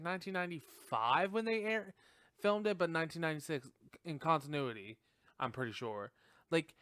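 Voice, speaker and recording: Slow, laughing young man recapping a movie. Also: mid-range voice, fairly bright tone, no echo, studio quality. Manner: laughs often, swears, acts out characters' lines; slow, drawn-out delivery with lots of "like". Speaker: podcast host.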